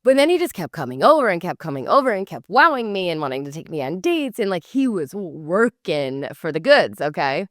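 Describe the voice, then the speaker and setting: A woman's voice: fairly low pitch, a little fast, few pauses, no echo, studio quality. A woman hosting a podcast who tells a personal story casually. She talks in a chatty way, swears freely, uses lots of "like" fillers and acts out the dialogue. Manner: animated, acts out quoted dialogue. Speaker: podcast host.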